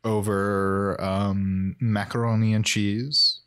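A man's voice: lowish voice, little pitch movement, slow pace, a bit bright, clear, resonant tone. A young man co-hosts a casual rewatch podcast, talking through plot points. He stops and restarts often and slips in dry jokes. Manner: hesitant, lots of ums and restarts, dry jokes. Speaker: podcast co-host. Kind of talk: casual recap chat.

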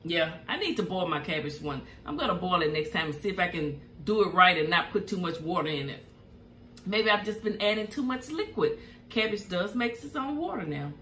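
A woman's voice: fairly low pitch, lively intonation, a little fast, a bit bright, echoey room, a little hiss or hum. Chatty grandmother reading comments. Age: older. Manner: chatty, folksy, reacts to each comment. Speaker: cooking show host. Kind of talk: reading viewer comments aloud. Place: home kitchen.

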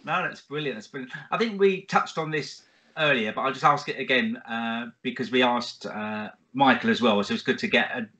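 A man's voice: mid-range voice, moderate pace, bright, forceful tone. A man co-hosting a casual podcast interview, enthusiastic and complimentary toward his guest, with "uh" fillers. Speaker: podcast co-host.

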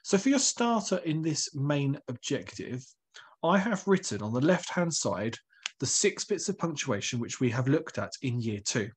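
A man's voice: medium pitch, big pitch swings, moderate pace, breathy edge. A male primary school teacher, giving a recorded online lesson in a patient, encouraging way and asking the pupils questions.

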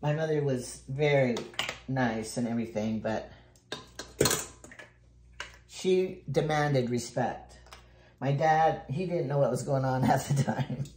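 Taking it slowly with long pauses, an older woman speaks in a rumbling low, mellow voice. She's a home cook vlogger chatting casually while baking, telling rambling family stories and often chuckling. The recording has echoey room sound and faint noise.

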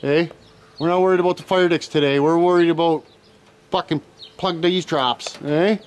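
Casting: young man, high voice, crude and profane, cheerful banter while filming outside. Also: fairly even intonation, moderate pace, smooth. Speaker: vlogger filming friends. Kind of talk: casual outdoor banter. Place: outdoors at a house. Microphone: handheld camera.

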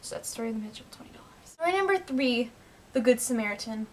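A woman's voice: on the high side, expressive, racing. A teenage girl telling rambling, chatty stories to camera in a home vlog, full of "like" and "um". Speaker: vlogger. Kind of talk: casual storytelling vlog.

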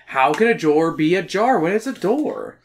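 Podcast host: woman, animated swinging delivery, jokey profane book recap. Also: lowish voice, moderate pace, a little hiss or hum. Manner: animated, swearing, joking recap. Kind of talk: casual chat, summarizing a book.

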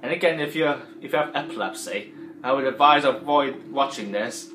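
A man's voice: mid-range voice, moderate pace, echoey room, over music, poor audio. A man with a Yorkshire accent giving rambling, casual game commentary as a let's play host. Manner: rambling, chatty, trailing off.

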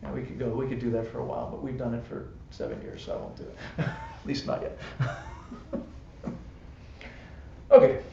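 A man's voice: medium pitch, flat delivery, moderate pace, vocal fry, long pauses. Chatty man teaching a Buddhist class. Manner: chatty, laughing often, many "you know" and "right?". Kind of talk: casual dharma class lecture. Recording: echoey room, dull live-stream audio with faint hiss.

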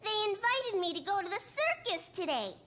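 Caillou, a high four-year-old boy. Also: very animated, moderate pace, a bit bright, heavily acted. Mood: eager. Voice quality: high childlike voice.

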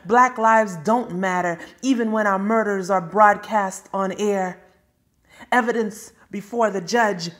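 Slow, intense spoken-word woman. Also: medium pitch. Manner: slow, rhythmic, intense delivery. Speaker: poet.

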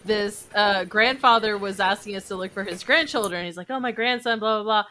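A woman's voice: mid-range voice, a little fast, background noise. A woman co-hosting a casual podcast chat, telling a funny story with lots of laughter. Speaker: podcast co-host.

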